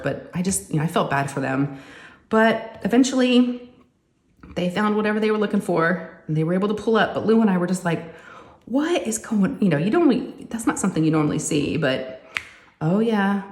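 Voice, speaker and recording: A woman, chatting casually and telling animated family stories while she crafts at home. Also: fairly low pitch, roomy sound. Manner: chatty, animated, says "y'all" often. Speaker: crafting vlogger and mother.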